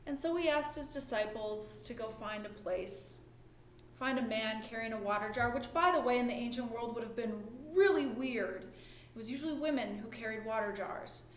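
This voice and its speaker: A woman's voice: fairly high pitch, normal speed, a little hiss or hum. Woman preaching conversationally in an echoey room. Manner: conversational, asks "right?" often. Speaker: pastor. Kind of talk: sermon. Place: church or home during lockdown worship. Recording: echoey room with faint ambience.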